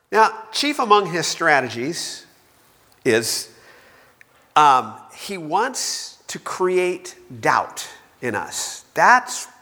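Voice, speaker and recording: A man preaching a sermon in a lively storytelling manner, acting out the voices of the people he quotes. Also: sits high, in a large hall.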